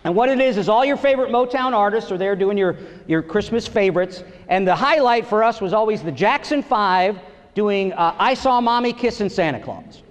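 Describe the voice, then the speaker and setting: A man's voice: sits high, normal speed, long reverb tail. A middle-aged man from Long Island telling family stories in a stand-up set on a theater stage. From Long Island, New York. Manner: lively storytelling, acting out voices. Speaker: stand-up comedian.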